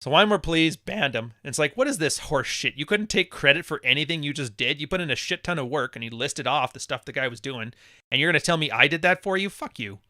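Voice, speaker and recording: A man's voice: fairly high pitch, animated, quick pace, sharp tone, no room sound, clean studio sound. A man hosting a live podcast, reading chat messages and talking in a blunt, profane, wisecracking way. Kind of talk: casual livestream monologue.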